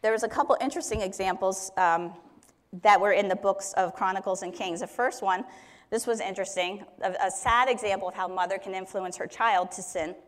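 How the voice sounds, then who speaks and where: A woman's voice: medium pitch, brisk. A woman teaching on Scripture in a conversational way, explaining verses with everyday examples. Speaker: Bible teacher. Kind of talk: Bible teaching talk.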